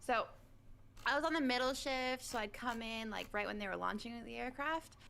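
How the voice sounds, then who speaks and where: A woman in the military, telling a long, animated story in casual chat over online voice chat. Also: fairly high pitch, moderate pace, gravelly, clear, resonant tone. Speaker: military service member. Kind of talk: casual chat on a game stream.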